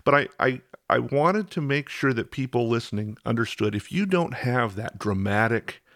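A man's voice: medium pitch, animated, normal speed, a bit bright, dry recording, clean studio sound. A man hosting a faith podcast interview, asking questions and encouraging listeners. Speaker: podcast host.

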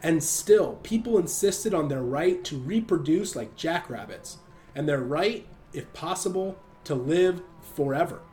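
A pompous, preachy elderly doctor holds forth with emphatic certainty, as a male reader puts him on. The voice sits fairly high for a man, and soft music plays faintly underneath. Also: expressive, measured pace. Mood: lecturing. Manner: lecturing, emphatic.

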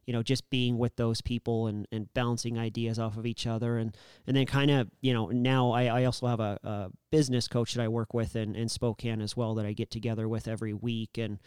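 A man talks on a podcast in a very clear, smooth voice with little rise and fall. He is earnest and halting, restarting his sentences often. The recording is dry and close. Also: medium pitch, level tone, a little mellow, dry recording. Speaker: guest, business owner. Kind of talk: casual podcast chat.

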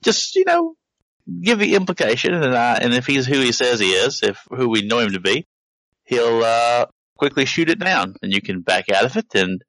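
A man's voice: mid-range voice, very animated, normal speed, fairly bright tone, dry recording, rough recording. A man playing a tabletop role-playing game, talking loosely through plans with lots of fillers. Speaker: player. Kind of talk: tabletop role-play chat.

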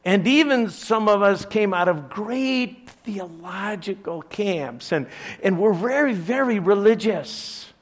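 Animated male pastor preaching. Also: a little high. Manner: expressive, swings between emphatic bursts and quiet asides; conversational, with fillers and restarts. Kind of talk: sermon.

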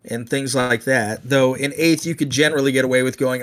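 A man's voice: mid-range voice, steady tone, brisk. A man in a casual chat who rambles animatedly and restarts his sentences often.

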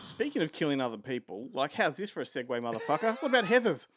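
A man's voice: mid-range voice, very animated, fast, a bit bright, slight background noise. A man co-hosting a podcast, with casual, crude banter and frequent laughter. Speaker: podcast co-host. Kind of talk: casual chat.

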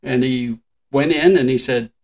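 A man's voice: medium pitch, unhurried, a little mellow, rough recording. An older man in casual podcast chat, telling trivia stories with frequent chuckles. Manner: chatty storyteller, shares trivia, chuckles often. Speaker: podcast co-host.

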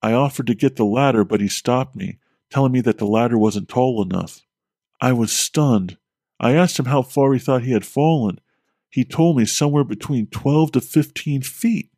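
A man telling a scripted horror story as a podcast host, steady and measured. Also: medium pitch, dry recording, clean studio sound.

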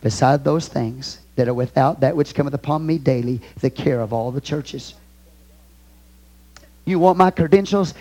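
In a church sanctuary, a male pastor with a Texan accent preaches a fervent sermon, reading scripture aloud and swinging from booming to hushed. His tone stays steady and his pace moderate, with hardly any pauses.

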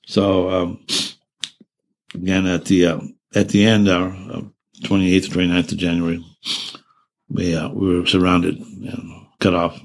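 A man in his seventies being interviewed, recalling events in a halting way with many restarts and self-corrections, earnest and emotional. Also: sits low, flat delivery, vocal fry. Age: 70s. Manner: earnest and emotional while recounting. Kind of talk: oral-history interview recollection.

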